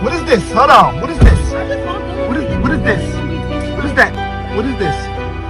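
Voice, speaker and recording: A man with a strikingly high voice exclaims in agitated disbelief, swearing and asking the same question again and again. Music plays clearly behind him. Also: sing-song, unhurried. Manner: agitated, swearing, repeating himself. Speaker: bystander filming the sky. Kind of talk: excited exclaiming.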